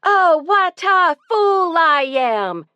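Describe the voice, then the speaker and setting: A shrill, rowdy pack of young scout boys, as a woman narrator puts them on, groaning and chanting back as a group. The voices jump high and lively and sound set back from the mic in a dry recording. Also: extremely slow, smooth, dry recording, highs cut off, full character voice. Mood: shouting.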